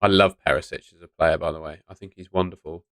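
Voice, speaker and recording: On a live stream, a young man goes over his fantasy football picks, relaxed and chatty as he responds to viewers' chat messages in casual commentary. His fairly low voice moves fast, and the stand-mounted studio mic gives a dry, close sound with no room around it.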